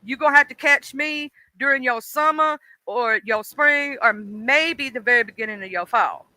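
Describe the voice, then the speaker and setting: Livestream host, male, Mississippi Deep South accent, folksy and rambling, very bright voice with a smooth, clean tone. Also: normal speed, no echo. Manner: rambling, folksy, talks straight to chat by name. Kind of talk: casual livestream chat with viewers.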